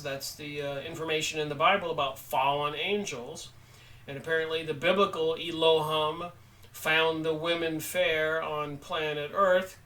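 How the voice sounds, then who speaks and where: A man giving an unhurried spoken book review, halting often with pauses as he talks. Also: a little high, sharp tone, recorded from a distance, rough recording. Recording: voice set back from the mic.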